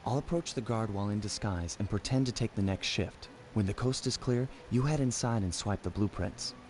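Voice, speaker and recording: A man voicing a low, easygoing undercover thief. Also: fairly quick, a little mellow, slight background noise, lightly acted. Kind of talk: video game cutscene dialogue. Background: faint game music.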